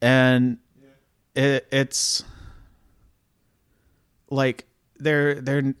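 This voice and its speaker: A man hosting a casual podcast chat, talking in a halting way with frequent restarts. His voice sits mid-range and is recorded close and dry, with no room sound. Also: mid-range voice, little pitch movement, smooth, dry recording. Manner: rambling, halting, many restarts and laughs. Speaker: podcast host. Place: New York apartment.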